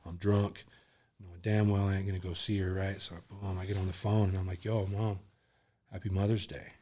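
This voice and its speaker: A man's voice: deep voice, little pitch movement, fairly quick, dark tone. A man, a podcast guest, telling a candid personal story in a rambling, casual way full of fillers.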